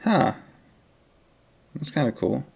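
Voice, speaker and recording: A man's voice: medium pitch, sing-song, takes it slowly, gravelly, darkish tone, husky. A man hosting a football watchalong stream, talking in a rambling, opinionated, casual way. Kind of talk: casual live-stream chat.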